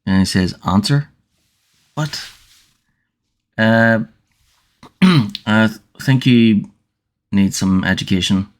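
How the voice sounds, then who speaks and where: A man's voice: fairly low pitch, slow, pauses often. A man reading a novel aloud on a livestream and chatting with viewers, hesitant with many fillers and restarts. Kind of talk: audiobook-style reading and casual chat.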